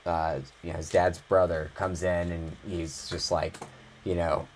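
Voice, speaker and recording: A man co-hosting a podcast, talking in a relaxed chatty way with halting restarts. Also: sits low, a little hiss or hum. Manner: chatty, with halting restarts and frequent "you know". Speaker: podcast co-host. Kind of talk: casual chat.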